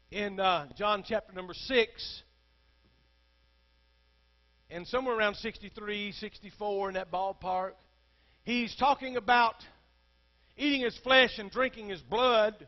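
A man preaching a sermon as a pastor, swinging between hushed words and loud, impassioned calls to the congregation. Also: sits high, muffled recording.

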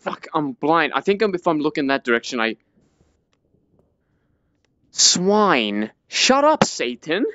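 A man's voice: a little high, very animated, slow, long pauses, fairly bright tone, no echo. A man narrating his own VR horror playthrough, his voice leaping up and down as he panics and curses at the game. He mutters to himself in a close, dry sound with no room around it. The recording is dull and lo-fi. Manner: jumpy, swears a lot, talks to himself while panicking. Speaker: gamer playing a VR horror game. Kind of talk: let's play commentary.

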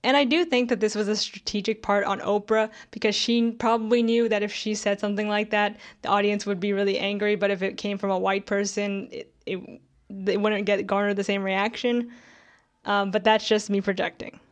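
A woman's voice: medium pitch, flat delivery, normal speed. A young woman reading a scripted video essay in a critical, conversational way, with sarcastic asides.

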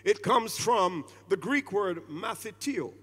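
High-voiced preacher in a reverberant church. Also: male voice, lively intonation, breathy edge. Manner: preaching with sudden loud stressed words and drawn-out phrases; calls on the congregation to respond. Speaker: pastor. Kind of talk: sermon. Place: church sanctuary.

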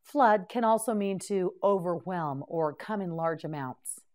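A woman teaching English vocabulary in a scripted lesson. She pronounces each word clearly, pauses for the learner to repeat it, and answers with short praise. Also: lowish voice, darkish tone. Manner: clear, careful enunciation with short encouraging praise.

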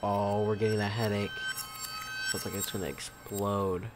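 A man's voice: lowish voice, little pitch movement, normal speed, music in the background. A young man casually commentating on a horror game, jumpy and swearing, talking into a headset. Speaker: gaming streamer. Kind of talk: let's-play commentary.

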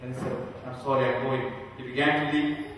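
A man's voice: mid-range voice, flat delivery, a little fast, noisy background. A male pastor giving a sermon, telling a story earnestly and building to fervent emphasis. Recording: echoey hall from far off.

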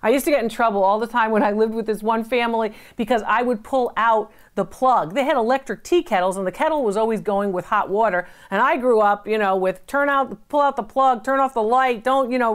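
A woman's voice: on the high side, brisk, hardly any pauses. A middle-aged woman from the United States, an antiques appraiser giving chatty, emphatic tips and digressing into anecdotes.

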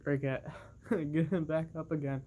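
A commentator calling a toy wrestling match with excitable bursts of oohs and laughter. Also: medium pitch, moderate pace. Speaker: play-by-play commentator.

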